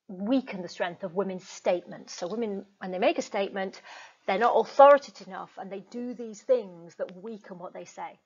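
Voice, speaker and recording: A woman teacher giving a recorded lecture in a chatty way, with frequent ums and asides. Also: mid-range voice. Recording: dull lo-fi recording.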